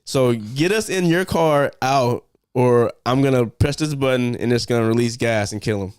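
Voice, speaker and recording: Animated man retelling a movie, smooth voice. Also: medium pitch, no echo, clean studio sound. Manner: animated storyteller, acts out characters in quick shifts of voice. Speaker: podcast co-host. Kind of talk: casual movie review chat.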